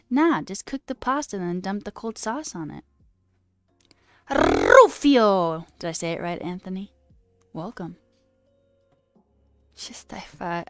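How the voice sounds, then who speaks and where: A woman chats casually on a stream, rambling through chat messages with frequent laughs and the odd swear. Her voice is smooth and clear, recorded dry and close on a desk mic, with faint music playing underneath. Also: medium pitch, no room sound.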